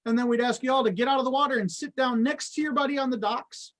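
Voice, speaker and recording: A man's voice: extremely high pitch, quick pace, hardly any pauses, fairly bright tone. A man on a guest spot, explaining water safety to kids in a friendly, plain way.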